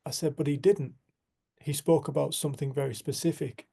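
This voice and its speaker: Man leading a community group, earnest reflective talker, slightly higher-pitched with some gravel. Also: fairly even intonation. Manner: earnest, storytelling, soft and slow at times. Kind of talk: reflective spiritual talk.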